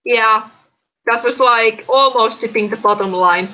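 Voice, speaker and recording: A woman's voice: on the high side, unhurried, pushed and bright. A woman co-hosting a casual livestream, chatty and stumbling over usernames as she greets viewers. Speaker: stream co-host. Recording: dull lo-fi stream audio.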